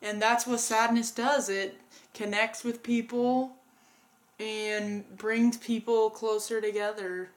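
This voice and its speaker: Slow, earnest woman retelling a plot. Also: on the high side, steady tone. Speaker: movie reviewer, co-host. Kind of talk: casual movie review chat.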